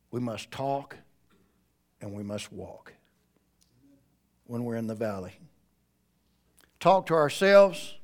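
A man preaching a sermon in church, swinging between quiet, close passages and loud, rising appeals. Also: mid-range voice. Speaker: pastor.

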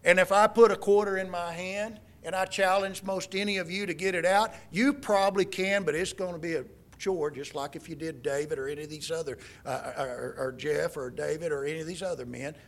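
A middle-aged man preaching a sermon, quoting scripture in an emphatic, folksy way. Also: fairly high pitch. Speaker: pastor.

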